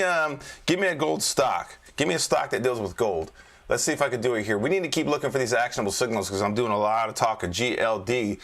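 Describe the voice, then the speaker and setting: A man walks through market charts in a relaxed, chatty way, cracking jokes as he goes. His pitch sits in an ordinary middle range. He keeps checking in with his listeners as a trading coach. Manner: chatty and joking, keeps checking in with "all right?". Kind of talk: casual screen-share market review.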